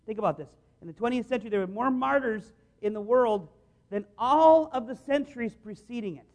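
High-voiced, earnest male preacher. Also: a little fast, a little mellow. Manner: earnest, conversational, many restarts. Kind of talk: sermon.

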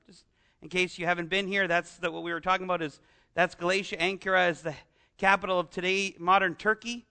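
A man's voice: high voice, little pitch movement, brisk, bright, forceful tone, smooth. A Canadian man preaching a sermon as pastor, in a conversational style with chatty asides.

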